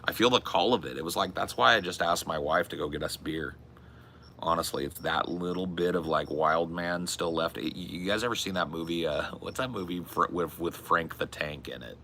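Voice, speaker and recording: A man's voice: low voice, moderate pace, vocal fry, bright, forceful tone, slight background noise. A man in his forties chatting casually on a live stream, rambling and swearing in a bro-ish way. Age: 40s. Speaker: streamer and podcast host.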